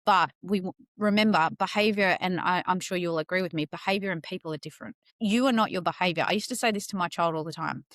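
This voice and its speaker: A middle-aged woman, hosting a casual podcast conversation and telling stories in a lively way. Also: on the low side, fast, hardly any pauses, no room sound, studio quality. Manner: animated storyteller, acts out quoted dialogue. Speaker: podcast host.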